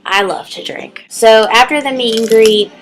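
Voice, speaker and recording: A woman's voice: moderate pace, soft background music, poor audio. Chatty young woman vlogging, giggly. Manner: chatty, giggly, lots of "like" and "um", acts out quotes in a high voice. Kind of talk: casual storytelling vlog.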